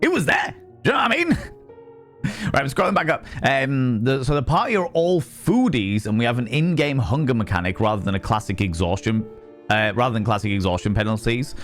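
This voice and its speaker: A man's voice: mid-range voice, animated, a little fast, faint music behind. A man and streamer who does some voice acting, chatting casually on a livestream, swearing a lot and repeating himself for emphasis. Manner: profane, emphatic ranting; repeats phrases and restarts mid-sentence. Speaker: streamer and voice actor.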